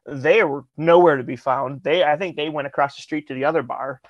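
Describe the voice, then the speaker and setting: A man's voice: a little high, brisk, dry recording, dull audio. A man, a guest musician, telling a rambling funny story in casual talk, swearing and laughing often.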